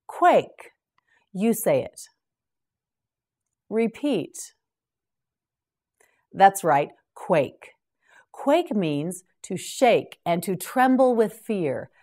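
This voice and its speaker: A woman teaching English to beginners, carefully enunciating each word and repeating it in a slow vocabulary drill. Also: mid-range voice, darkish tone.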